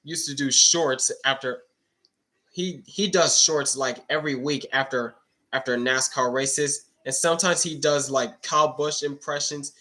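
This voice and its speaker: A man's voice: medium pitch, a little slow, sharp tone. A man streaming casual live race reactions, chatty and rambling, often restarting his sentences. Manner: rambling, chatty, repeats himself.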